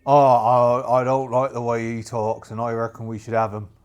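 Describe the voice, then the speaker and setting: A man voicing a surly, hostile pirate crewman who grumbles in a low voice. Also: monotone, moderate pace, clean tone, natural voice.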